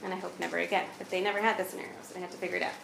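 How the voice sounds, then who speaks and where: A woman's voice: on the low side, flat delivery, rapid-fire, vocal fry, background noise. A woman in her thirties telling a personal story in a candid, conversational way, acting out the dialogue as she goes. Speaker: guest sharing a personal story. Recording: roomy echo.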